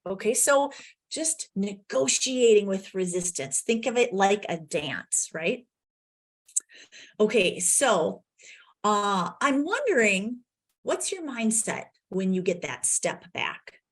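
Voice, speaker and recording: A woman coach giving an energetic virtual conference talk, telling client stories and acting out their lines, on a video call. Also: medium pitch, slow pace. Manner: energetic storytelling, acts out client's quotes.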